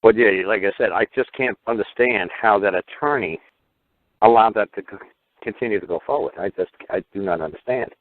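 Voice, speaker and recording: A man hosting a call-in radio show, talking in a rambling way and acting out little dialogues with sudden jumps in pitch. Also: brisk, no room sound. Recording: tinny phone-like radio audio.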